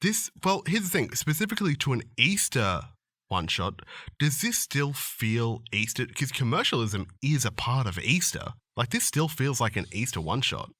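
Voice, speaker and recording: A man co-hosting a podcast, playfully rambling and pitching wild ideas about tabletop games. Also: very animated, moderate pace, pushed and bright, dry recording, studio quality. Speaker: podcast co-host.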